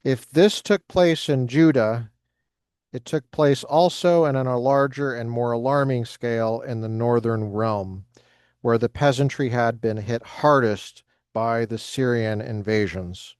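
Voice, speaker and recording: Male lecturer, mid-pitched, reads text aloud and breaks off for dry jokes. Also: measured pace, darkish tone, clean tone, no echo. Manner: reads passages with joking asides. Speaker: lecturer reading from a history book. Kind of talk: reading aloud with commentary.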